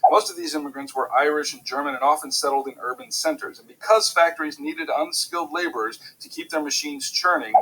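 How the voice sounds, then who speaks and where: Male history host, quick wry delivery, husky tone. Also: a little high, huge pitch swings, a bit bright, poor audio. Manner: brisk, wry and joking. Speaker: history teacher, channel host. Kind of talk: educational video narration.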